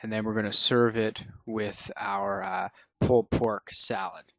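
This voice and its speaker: A man hosting a cooking show, explaining each step in a relaxed way with frequent fillers. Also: lowish voice, measured pace, dry recording. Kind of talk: cooking demonstration.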